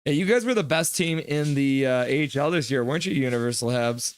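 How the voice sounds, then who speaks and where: Hosting a relaxed hockey stream, this man reads viewers' comments aloud and sometimes shouts them in an exaggerated high voice while chatting loosely. His delivery is expressive and fairly quick, with slight background noise.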